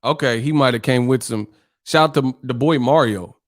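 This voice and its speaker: Reading viewer comments on his boxing livestream, this mid-range-voiced man keeps a moderate pace. The chat is loose and casual, full of jokes, swearing, frequent laughter, and voice impressions.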